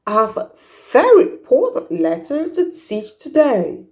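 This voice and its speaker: Woman teaching how to say sounds, super slow, voice goes way up and down, spells everything out clearly. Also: mid-range voice, warm tone. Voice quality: carefully enunciated, drawn-out demonstrations. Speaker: pronunciation teacher. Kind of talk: slow, deliberate pronunciation lesson.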